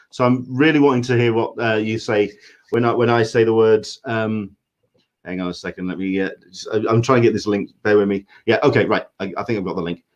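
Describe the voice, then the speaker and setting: A man with an English accent, hosting a livestream interview over a video call in an easygoing way. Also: mid-range voice. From England. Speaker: livestream host. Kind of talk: casual interview.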